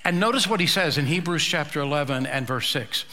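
A male pastor preaching a sermon, slow and emphatic, with dramatic pauses. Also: on the high side, animated, sharp tone, in a large hall.

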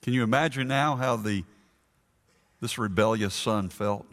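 A man preaching a sermon in a church, slow and earnest, stressing his points through repetition. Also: lowish voice, fairly bright tone, long reverb tail. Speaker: pastor.

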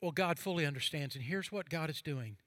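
Reading scripture with drama, a man who is a pastor preaches briskly in a fairly high voice, alternating fervent stretches with hushed moments. There's no echo on the recording.

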